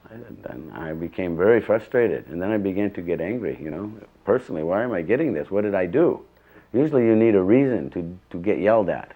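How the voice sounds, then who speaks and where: In a reminiscing interview, an older man earnestly recalls his spiritual teacher through rambling, emphatic stories. His voice is low-pitched and dark in tone, animated and fairly quick.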